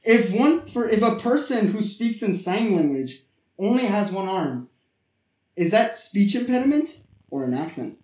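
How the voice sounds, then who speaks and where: A man's voice: sits high, very animated, measured pace, a little mellow, recorded from a distance. Rambling young man in an echoey garage. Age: young adult. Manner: rambling, full of "like" fillers. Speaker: podcast co-host. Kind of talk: casual podcast banter.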